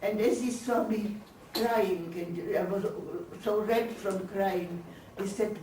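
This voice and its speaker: An older woman giving her testimony as a lecture, speaking slowly and searching for words. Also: medium pitch, warm tone, a little hiss or hum. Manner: slow, halting, searching for English words. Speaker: Holocaust survivor giving testimony. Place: lecture hall. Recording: roomy hall, voice from far off.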